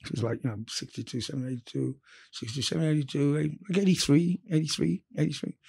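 A middle-aged man from England telling stories in a casual interview, profane and animated. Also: fairly high pitch, fast talker, creaky, slightly rough, no room sound. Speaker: interview guest.

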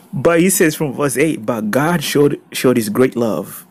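A male pastor preaching a sermon and reading scripture, swinging between soft reading and loud emphatic exclaiming. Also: medium pitch, slightly rough.

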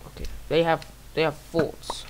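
Low-voiced woman with a rough voice. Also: steady tone, measured pace, noisy background. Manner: chatty, self-mocking, exclaims at the game. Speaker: gamer. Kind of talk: casual gameplay commentary.

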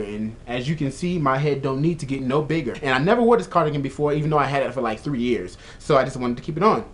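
A young man vlogging casually, telling a story in a profane, animated way with lots of filler words. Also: medium pitch. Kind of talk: casual vlog rant.

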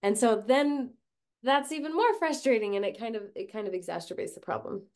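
A woman's voice: on the high side, brisk, darkish tone. A woman hosting a podcast interview, affirming her guest and adding her own thoughts conversationally. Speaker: podcast host.

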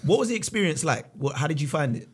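Husky, higher-voiced podcast guest, pitch jumping around as he quizzes his friend. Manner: lively, quick to question. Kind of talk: casual chat.

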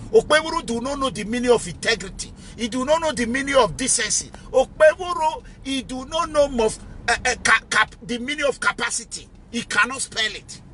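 Nigerian male activist host, high bright voice, emphatic rallying live-stream talk. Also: animated, a little fast, few pauses, a little hiss or hum.

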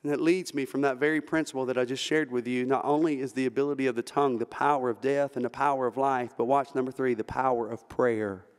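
A man with a Southern American accent preaching a fervent Baptist sermon from the pulpit, rising to shouts at the peaks. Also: medium pitch, fairly even intonation, fast, few pauses. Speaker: pastor. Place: church sanctuary. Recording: long church hall reverb.

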